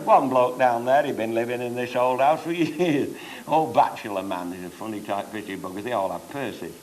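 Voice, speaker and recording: A man's voice: mid-range voice, moderate pace, crowd noise. An older man with a Cheshire accent telling bawdy comic stories on stage, chuckling through them. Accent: Cheshire English. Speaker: after-dinner comedian. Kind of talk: stand-up anecdotes. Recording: noisy live recording, audience laughter.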